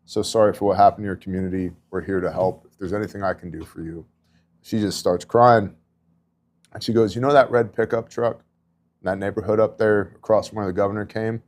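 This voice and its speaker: A middle-aged disaster relief volunteer who hosts a podcast talks fairly quickly in a lowish, steady, slightly mellow voice. His casual faith talk centers on relief-work stories told earnestly, with plenty of asides.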